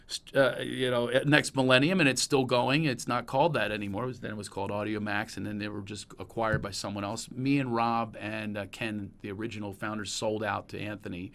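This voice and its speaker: A middle-aged man from Pennsylvania with a Pennsylvania accent, hosting a podcast and telling long personal stories in a rambling, animated way. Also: medium pitch, creaky. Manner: rambling and storytelling, animated when recalling anecdotes. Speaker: podcast host. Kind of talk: casual chat.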